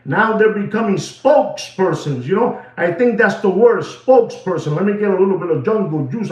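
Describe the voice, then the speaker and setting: A man's voice: high-pitched, animated, a little fast, darkish tone. Heated male host, slangy, mixes English and Spanish, distant dull mic. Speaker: watch show host. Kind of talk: ranting commentary. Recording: roomy, distant, dull sound.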